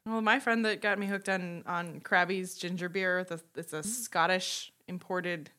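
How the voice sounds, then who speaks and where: Woman, Central New York accent, bright and sharp tone, dry teasing banter. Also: on the low side, fairly even intonation, unhurried. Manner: wry, teasing. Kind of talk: casual chat. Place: dining room at home.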